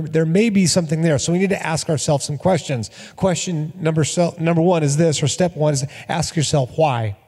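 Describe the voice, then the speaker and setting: A man's voice: fairly high pitch, dark tone, long reverb tail. A middle-aged male pastor preaching a sermon in a conversational, storytelling way, often repeating words.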